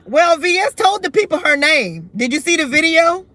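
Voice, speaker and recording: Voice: very high voice, very animated, moderate pace, sharp tone. A co-host in casual stream chat, probing with short follow-up questions.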